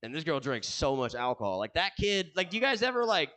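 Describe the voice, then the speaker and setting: A young man doing a rambling stand-up set with self-deprecating dark humor. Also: fairly high pitch, big pitch swings, quick pace. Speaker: stand-up comedian.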